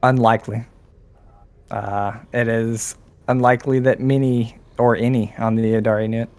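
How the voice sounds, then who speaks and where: A man serving as game master, narrating a tabletop game in a slow, halting way. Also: mid-range voice, steady tone, a little mellow.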